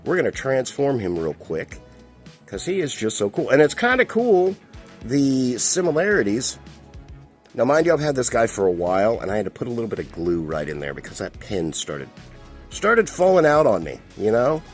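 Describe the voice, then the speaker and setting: Soft background music plays as a man talks casually about a collectible toy in his hands, rambling along with the odd chuckle. He speaks at a moderate pace in a medium-pitched voice with big pitch swings.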